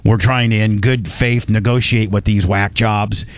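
A man's voice: fairly low pitch, steady tone, unhurried, no echo. A man hosting a radio show, chatting casually and joking, often restarting and correcting himself. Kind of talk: casual talk radio chat.

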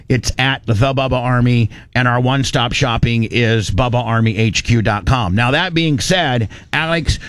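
A man hosting a radio talk show, telling a story in an animated, ranting way with frequent restarts. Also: mid-range voice, no echo.

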